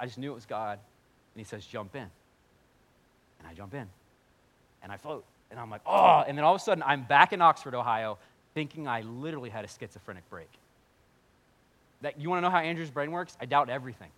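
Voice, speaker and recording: A man preaching a sermon as pastor, telling his story in a swinging voice that drops to a hush and rises to near-yelling. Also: medium pitch, lively intonation, quick pace, pauses often.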